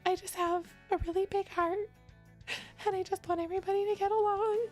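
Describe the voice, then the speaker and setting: A woman putting on the voice of a naive, sweet teen girl with a breathy, gushing delivery. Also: very high voice, steady tone, fairly quick, darkish tone, faint music behind, voice pushed up.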